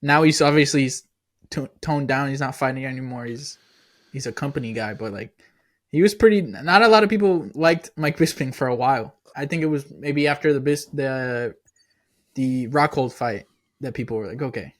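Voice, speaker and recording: A man's voice: medium pitch, moderate pace. Easygoing male podcast co-host. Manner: easygoing, laughs along, leads the questions. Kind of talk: casual chat.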